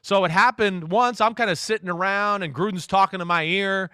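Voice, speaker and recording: A man in his forties, a former quarterback, telling a story as a guest on a radio talk show and acting out quotes loudly. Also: high voice, a little fast, clear, resonant tone, dry recording, clean studio sound. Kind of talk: casual radio interview.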